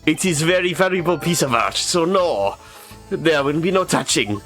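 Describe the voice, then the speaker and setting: Man putting on a pompous art dealer, haughty, slow vaguely Italian drawl, slightly raised voice, video game character. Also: a little high, expressive, fairly bright tone, soft background music, pitched above the performer's own voice. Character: pompous wealthy male European art dealer.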